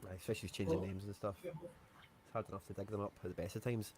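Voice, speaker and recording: A man's voice: lowish voice, steady tone, fast, very noisy. A Scottish man hosting a casual livestream chat, telling rambling stories and saying "aye" a lot. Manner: chatty storyteller, says "aye". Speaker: streamer host.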